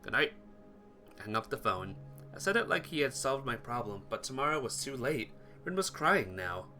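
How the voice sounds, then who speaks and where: Animated man reading a visual novel. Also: mid-range voice, brisk, soft background music.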